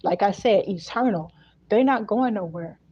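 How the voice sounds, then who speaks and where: A woman's voice: medium pitch, normal speed, mellow, breathy edge, no echo. A woman with giving a casual spiritual message, emphatic and repetitive as she unpacks each phrase. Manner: emphatic and repetitive, with colloquial speech. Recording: dull, dry, lo-fi sound.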